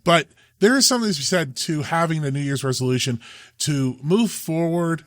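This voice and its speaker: A man's voice: medium pitch, no room sound, studio quality. A man co-hosting a faith podcast, talking earnestly and casually, often repeating words as he restarts. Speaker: podcast co-host.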